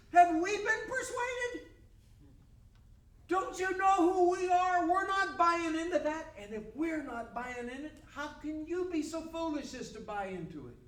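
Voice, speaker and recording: A man voicing pompous, scornful chief priests who shout in indignation, heard from far off in a roomy space. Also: very high-pitched, animated, a little slow, pitched above the performer's own voice, full character voice.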